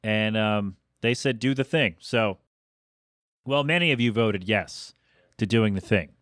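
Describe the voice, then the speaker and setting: A man in his thirties hosting his own podcast, rambling quickly and cutting himself off mid-sentence. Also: lowish voice, a bit bright, clear, resonant tone, dry recording, clean studio sound. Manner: fast, self-interrupting, chatty. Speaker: podcast host. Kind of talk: rambling solo podcast monologue.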